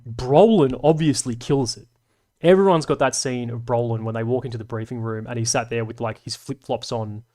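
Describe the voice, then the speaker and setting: A man's voice: medium pitch, darkish tone. Rambling man chatting on stream. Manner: rambling, self-deprecating, full of fillers. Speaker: live stream host reading chat. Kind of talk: casual live stream chat.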